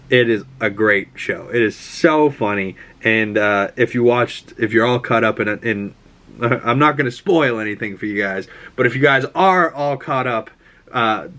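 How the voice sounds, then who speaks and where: A man's voice: medium pitch, a bit bright. A man hosts a casual chat show in his mid-range voice. He rambles and swears freely, often stopping to restart a sentence. His delivery is loose and conversational. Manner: rambling, profane, stop-start. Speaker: podcast host.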